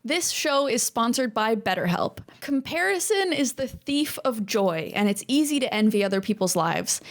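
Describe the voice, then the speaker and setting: A woman's voice: fairly high pitch, big pitch swings. A woman co-hosting a podcast who chats casually, laughs a lot and reads a sponsor ad. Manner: laughs often, quick supportive interjections. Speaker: podcast co-host. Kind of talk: casual chat, ad read.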